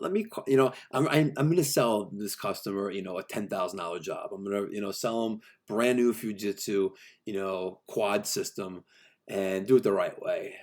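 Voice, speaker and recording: A middle-aged New man with a somewhat low voice, ranting in a vlog about bad customer service. He sounds exasperated and keeps acting out his phone calls. He speaks as a trade contractor. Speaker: HVAC contractor.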